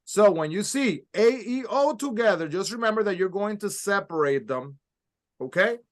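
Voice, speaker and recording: Speaking at normal speed in a high-pitched, expressive voice, a man teaches Spanish pronunciation in a recorded lesson. He guides learners patiently through each step and models the sounds for them to repeat.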